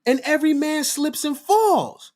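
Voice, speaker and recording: Male livestream host, preachy and fiery, lively swooping pitch, repeats lines for emphasis. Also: unhurried.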